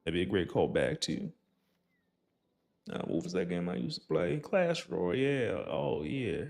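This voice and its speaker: A man's voice: low voice, very animated, normal speed, creaky, a little mellow. A young man casually commenting on his gameplay, rambling and joking, sometimes slipping into a put-on folksy accent. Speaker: gaming channel host.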